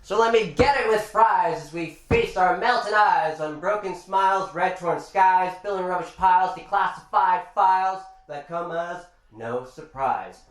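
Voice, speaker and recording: A man from Ireland performing spoken-word poetry and deadpan jokes at a live bar gig, with rapid rhyming delivery. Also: sits high, recorded from a distance. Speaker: poet and comedian. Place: bar function room. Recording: echoey live room.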